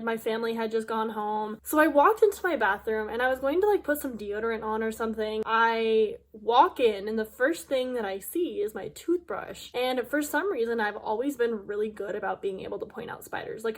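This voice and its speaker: A woman's voice: on the high side, brisk, hardly any pauses. A young woman YouTuber telling a dramatic storytime to her viewers in a chatty, filler-heavy way. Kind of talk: casual storytime vlog.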